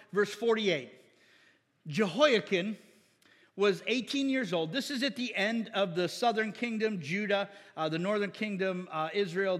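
A man preaching a sermon to a congregation, teaching from slides with quick jokes and asides. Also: high-pitched, a bit bright, long reverb tail. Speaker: pastor.

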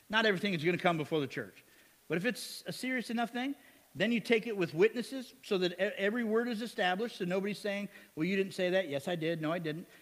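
A male pastor preaching a sermon in a lively way, asking "amen?" and chuckling with the congregation. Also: high-pitched, long reverb tail.

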